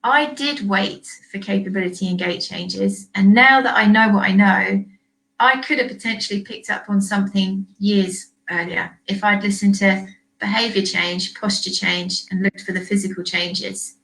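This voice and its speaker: A woman vet hosting a casual discussion, animated and acting out owners and herself in quick quoted asides. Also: medium pitch, vocal fry, rough recording. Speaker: vet and podcast host.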